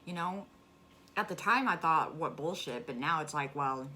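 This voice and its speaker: A woman frankly telling a personal story on her vlog, halting and restarting, flaring up when angry. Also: sits low, expressive, sharp tone. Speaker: vlogger sharing a personal story. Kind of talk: candid conversational storytelling. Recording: clear background noise.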